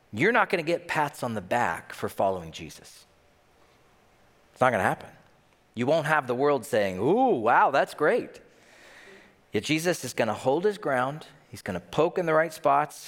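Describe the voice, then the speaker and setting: Young guy preaching, super animated up and down, playful, big echoey church hall. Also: mid-range voice. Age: young adult. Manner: animated, playful storytelling with acted-out voices. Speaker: pastor. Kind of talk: sermon. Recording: long hall reverb.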